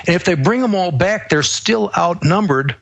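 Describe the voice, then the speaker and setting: A man with a fairly high voice speaking as a talk-show guest. He lays out his argument calmly, point by point. The sound is dry and close. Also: vocal fry, no room sound. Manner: measured, explanatory, argues step by step. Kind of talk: political talk show discussion.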